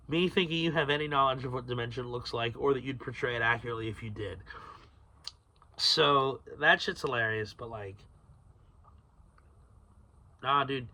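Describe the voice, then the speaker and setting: A man's voice: mid-range voice, pushed and bright. Rambling, swearing man podcaster. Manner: rambling, swears freely, laughs at own tangents. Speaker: podcast host. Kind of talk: solo podcast rant.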